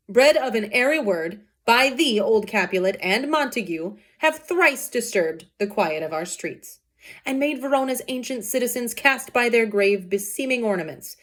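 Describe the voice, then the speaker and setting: A woman reading the lines of an angry male prince in a loud, slow, proclaiming way. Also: fairly high pitch. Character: stern commanding male prince, furious ruler.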